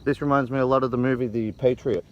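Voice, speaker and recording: An excited man talks while walking a hillside outdoors, his voice picked up by a handheld camera mic. He retells the scene loosely and with relish. His pitch sits in an average middle range. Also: fast, dull audio. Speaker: vlogger filming the tour. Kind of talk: casual walking tour commentary.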